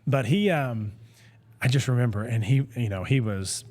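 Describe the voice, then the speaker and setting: A man in his forties sits as a guest on a podcast and spins stories about his college football years. He is an animated storyteller who acts out the lines of the people in his tales and laughs easily. His voice sits at an average pitch for a man. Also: normal speed. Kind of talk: casual storytelling chat.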